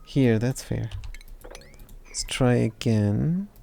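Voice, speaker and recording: Gravelly older German-accented man streaming. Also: mid-range voice, drawn-out words, warm tone, a little hiss or hum. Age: 60s. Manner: chatty, teasing, mutters at the game. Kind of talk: casual live game-stream commentary.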